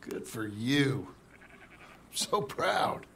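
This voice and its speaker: An actor playing a quiet, weary outlaw man in a video game, speaking slowly and reservedly. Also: mid-range voice, big pitch swings, vocal fry, slight background noise, exaggerated voice.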